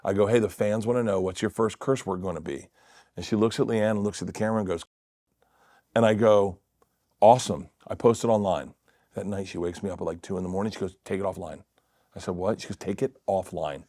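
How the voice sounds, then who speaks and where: A middle-aged man telling stories in a casual podcast chat, laughing often and dropping to quiet mutters. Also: fairly low pitch, steady tone, quick pace, no room sound, clean studio sound. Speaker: comedian guest. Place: podcast studio.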